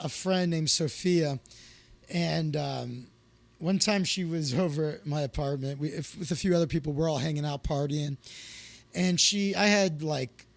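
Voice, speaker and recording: A man's voice: fairly high pitch, creaky, no room sound. A man hosting a comedy live stream, telling rambling stories to his viewers in a casual way, with lots of fillers and restarts. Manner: loose, anecdotal, with many fillers and restarts.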